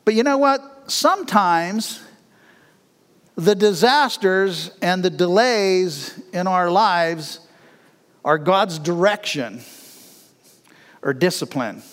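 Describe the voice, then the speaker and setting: A middle-aged man preaching a sermon in a folksy, animated way, with laughs between his lines. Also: high voice, slow pace, long pauses, in a large hall. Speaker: pastor.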